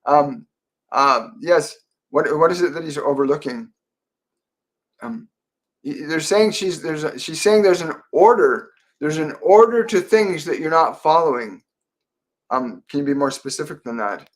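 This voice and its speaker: A man hosting a live-stream Q&A as a psychic medium, talking softly and meanderingly with many fillers and restarts. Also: a little high, measured pace. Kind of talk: live-stream Q&A, relaying spirit messages.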